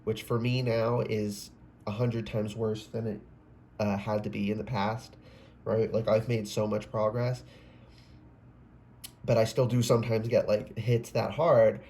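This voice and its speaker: A man's voice: lowish voice, level tone, a little slow, a little mellow, a little hiss or hum. Rambling man giving a casual tarot reading. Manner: rambling, self-interrupting, swears and exclaims. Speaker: tarot reader.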